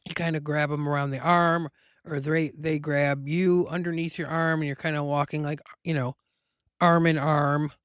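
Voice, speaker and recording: A woman's voice: sits low, level tone, moderate pace, smooth, no echo, studio quality. A woman hosting her own show, telling a personal story in a rambling, emotional way with many fillers. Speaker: host.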